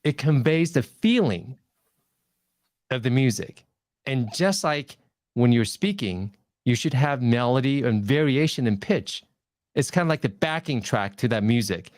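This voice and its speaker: Recorded dry at studio quality, a man gives a guest webinar talk about public speaking. He coaches emphatically, and his pitch rises and falls with energy.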